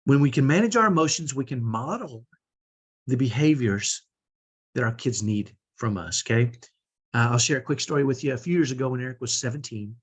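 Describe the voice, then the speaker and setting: Husky-voiced man coaching parents. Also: mid-range voice, animated, fairly quick. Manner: earnest, conversational, many restarts and "right?". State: sore shoulder. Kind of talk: teaching talk with personal stories.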